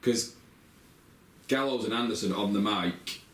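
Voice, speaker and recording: A man's voice: on the low side, unhurried, a little hiss or hum. A man co-hosting a podcast, agreeable and chatty as he wraps up the segment. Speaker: podcast co-host. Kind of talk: casual podcast chat. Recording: echoey room.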